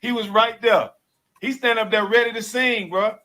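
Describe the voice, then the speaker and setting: A man's voice: high-pitched, fairly even intonation, normal speed, sharp tone. A man telling an emotional personal story in casual talk, profane and repetitive, often calling listeners bro and dog.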